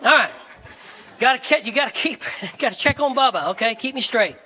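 A male pastor preaching a sermon in a church, animated, shouting and laughing as he reads scripture to the congregation. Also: very high-pitched, brisk, poor audio. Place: church sanctuary.

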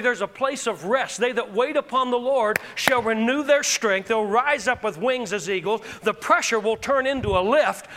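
A man's voice: very high voice, in a large hall, background noise. A man, a pastor, preaching with passion and leading the congregation in call-and-response. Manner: impassioned preaching with call-and-response, rising to shouts. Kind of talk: sermon. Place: church sanctuary.

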